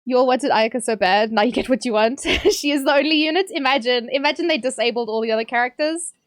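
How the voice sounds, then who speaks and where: A woman's voice: sits high, quick pace, dry recording, clean studio sound. A young woman streaming a game, chatting casually and ranting, with sudden yelps at the action. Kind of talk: casual live-stream chat while gaming.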